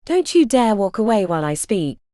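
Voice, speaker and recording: A woman's voice: medium pitch, very animated, brisk, mellow, no echo, clean studio sound, natural voice. A woman voicing a stern, angry Norman baron who speaks harshly to his wife. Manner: harsh, commanding.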